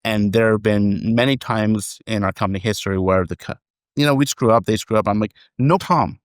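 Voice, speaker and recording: Low-voiced man telling business stories. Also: brisk, clean tone, dry recording, studio quality. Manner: animated storyteller, acts out quoted dialogue. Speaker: company chairman, guest. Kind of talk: conversational podcast interview, storytelling.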